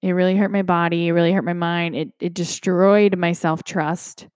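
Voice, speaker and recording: Young woman yoga teacher hosting a self-help podcast; candid, sweary, rambling delivery, low-pitched, dry close recording. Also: level tone, normal speed, a little mellow, no echo. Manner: candid, swears freely, many restarts and fillers.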